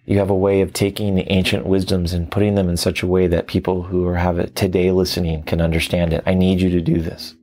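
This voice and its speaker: A man's voice: low voice, flat delivery, quick pace, few pauses, a little mellow. A man imitating his female guru, an insistent older Indian woman with a thick Indian accent. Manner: insistent, commanding.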